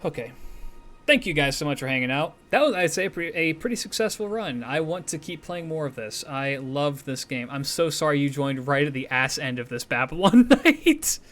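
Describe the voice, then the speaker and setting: A man's voice: fairly high pitch, expressive, normal speed, fairly bright tone. A man streamer talking casually and animatedly to his viewers, swearing freely as he rambles through opinions and sign-offs.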